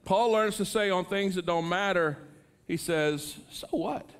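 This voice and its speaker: High-voiced preaching man. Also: measured pace, fairly bright tone, clean tone. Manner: earnest preaching, rising to impassioned pleas. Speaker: pastor. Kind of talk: sermon.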